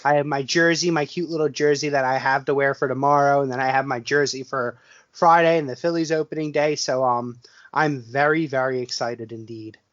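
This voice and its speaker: Excitable co-host man, stammering. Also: medium pitch, fairly quick, muffled recording. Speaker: podcast co-host. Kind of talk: casual sports podcast chat.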